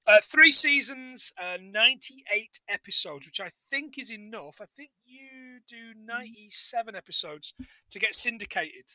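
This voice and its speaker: Bright, high-voiced man, playful. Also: animated, a little slow, no echo, rough recording. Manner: rambling, jokey, acts out quotes. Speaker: podcast co-host. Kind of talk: casual film recap chat.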